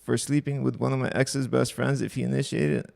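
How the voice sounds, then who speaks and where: A man's voice: medium pitch, flat delivery, fairly quick, creaky, a little mellow, dry recording, clean studio sound. A young man hosting a casual livestream, reading online posts aloud and commenting bluntly with profanity. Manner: blunt, profane, offhand asides.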